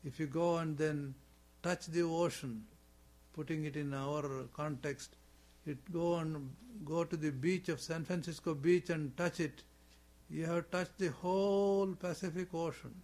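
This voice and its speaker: This sermon on scripture comes from a man whose voice is a little high and darkish, fairly even in intonation and a little slow. He chants in Sanskrit, then explains in slightly imperfect English, using repetition and rhetorical questions.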